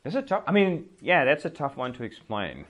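A man's voice: on the high side, very animated, brisk, a bit bright. A man in his thirties teaching everyday English phrases in a casual, chatty way, laughing often and acting out short example lines. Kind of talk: casual spoken English lesson.

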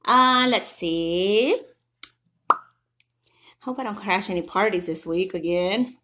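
Speaking slowly in a mid-range voice, a young woman runs her own casual podcast, rambling along, laughing frequently, and yelling her catchphrases.

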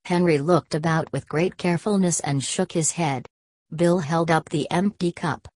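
A woman narrating an audiobook in a measured, plain storytelling manner. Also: sits low, a little mellow, no room sound.

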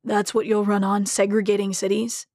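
A woman voicing a middle-aged father who speaks in a quiet, steady way. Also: mid-range voice, normal speed, dry recording, studio quality, close to an everyday voice. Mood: skeptical.

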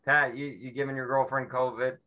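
A man from Seattle doing a rambling, self-mocking stand-up set, slipping into quick mimicry of people. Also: medium pitch, flat delivery, pushed and bright, highs cut off, a little hiss or hum. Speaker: stand-up comedian.

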